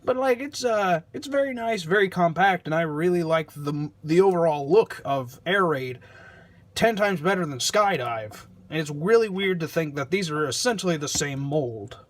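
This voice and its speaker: Male toy vlogger, slightly high-pitched, offhand sarcastic delivery with self-deprecating asides. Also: lively intonation, normal speed. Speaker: toy reviewer. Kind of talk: casual toy review vlog.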